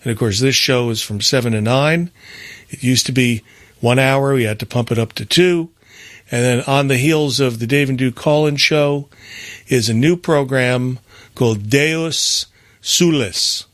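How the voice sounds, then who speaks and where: Unhurried and fairly bright, a medium-pitched man goes over the station lineup as co-host of a call-in radio show, with no room sound on the recording. His casual delivery rambles, full of fillers and restarts.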